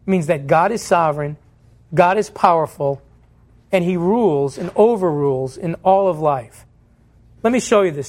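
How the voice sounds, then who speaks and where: A pastor preaching a sermon in church, earnest and direct, posing questions to the congregation and answering them himself. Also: male voice, high-pitched.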